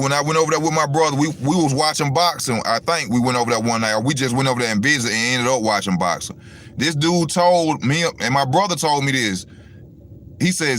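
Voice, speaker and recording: This boxing commentary host has a mid-range, fairly bright voice. On his casual livestream he rants loosely, cursing and speaking straight to the people watching.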